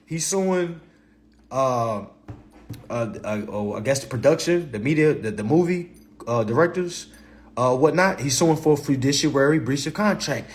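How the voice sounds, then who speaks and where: A man hosting a livestream in a blunt, profane, passionate rant, repeating himself and swinging between loud and low. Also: lively intonation, measured pace. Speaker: livestream host.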